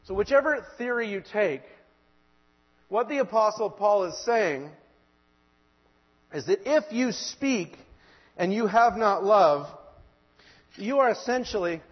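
A male preacher giving an earnest sermon, slowing down and pressing hard when he quotes scripture. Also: high-pitched, animated, breathy edge. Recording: dull lo-fi sound in a reverberant hall.

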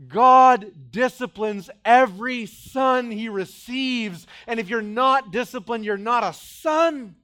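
Man, middle-aged, pastor, sermon, very high voice, dramatic, loud-to-quiet swings. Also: slow, few pauses.

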